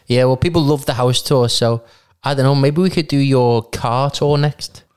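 A man co-hosting a casual podcast chat, easygoing and prompting, pitching ideas. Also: moderate pace, a little mellow, clear, resonant tone. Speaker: podcast co-host.

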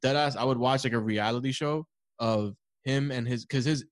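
A young man, co-hosting a casual podcast chat, swearing freely and telling animated stories. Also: mid-range voice, moderate pace, no echo. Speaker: podcast co-host.

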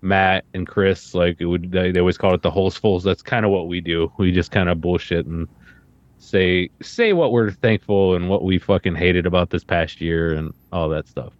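A man co-hosting a podcast in relaxed, profane, filler-heavy chat. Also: sits low, moderate pace, dry recording, muffled recording. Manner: laid-back, swearing, filler-heavy. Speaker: podcast co-host and guest. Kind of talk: casual podcast banter.

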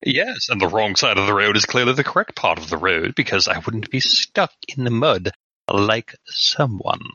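A smug, needling voice in someone's head, prim and sarcastic with lively, bright inflection, as a man puts it on during a tabletop horror game. The husky sound comes through a dull, dry home mic. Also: on the low side, moderate pace, no echo, full character voice. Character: smug, mocking male voice in a head.

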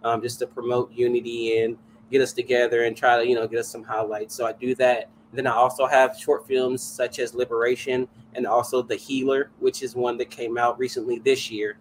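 An excitable man talks as a podcast guest at a middling pitch. He laughs easily and gets loud when he vents. A faint hiss of noise sits under his voice. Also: a little fast, hardly any pauses, rough recording. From Louisville area, United States. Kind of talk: casual podcast chat.

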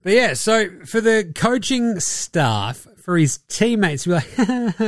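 A man's voice: high-pitched, big pitch swings, takes it slowly, few pauses, no echo, clean studio sound. An Australian man hosting a podcast, giving a sarcastic, profane basketball recap. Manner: sarcastic, swears freely. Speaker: podcast host.

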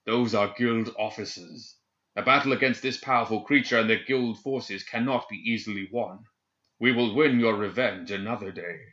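A man's voice: on the low side, normal speed, pushed and bright, dull audio. A man voicing a stern, commanding male necromancer who urgently instructs his apprentice. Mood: grave.

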